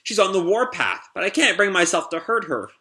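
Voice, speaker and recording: A man's voice: high voice, sing-song, brisk, pushed and bright, voice pushed up, exaggerated voice. A man reading a comic aloud and voicing a male impostor who talks in a falsely earnest, manipulative way. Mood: sly. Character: impostor hero, male, smooth and scheming.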